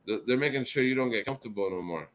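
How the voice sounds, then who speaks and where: A drunk man hosting a casual chat show, rambling and swearing, swinging between loud outbursts and mumbled asides. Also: mid-range voice, very fast, slight background noise. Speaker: show host.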